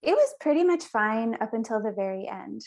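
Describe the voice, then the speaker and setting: A woman's voice: fairly high pitch, big pitch swings, a little fast, darkish tone. A young woman guest on a podcast, telling her personal story in an earnest, chatty way. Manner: earnest, chatty, with small restarts.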